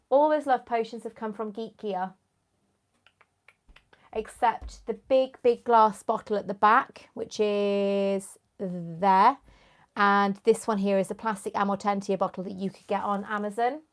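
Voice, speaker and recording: A young woman, chatting casually on a live stream, rambling and answering viewers by name, with a runny nose. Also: mid-range voice. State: runny nose, clearing her throat. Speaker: YouTuber hosting a live stream.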